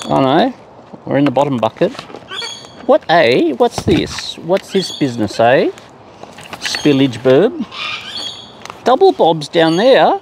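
A man's voice: a little high, sing-song, unhurried, pauses often. Playful man cooing at wild birds. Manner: playful, baby-talk to birds, chuckling. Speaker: bird feeder vlogger. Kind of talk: casual chat to wild birds. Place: outdoors with wild cockatoos. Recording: noisy outdoor recording. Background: birds and outdoor noise.

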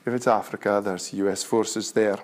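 A man with a North-East Scots accent reciting his poetry in a measured, deliberate way. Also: fairly low pitch, fairly even intonation. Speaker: poet.

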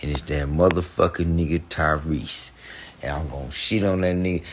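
A man telling a heated, profane story on a podcast, repeating himself and breaking into animated outbursts. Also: low-pitched, unhurried. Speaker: podcast guest.

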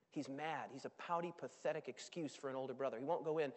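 A man preaching a sermon in a large auditorium, with animated, dramatic storytelling. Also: mid-range voice, quick pace. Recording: long reverb of a large hall.

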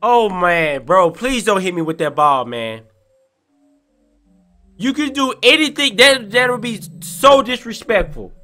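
A man reacting to a horror game, panicky and pleading, often shouting in fright. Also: sits high, animated, slow pace, soft background music. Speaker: gaming YouTuber. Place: indoors playing VR.

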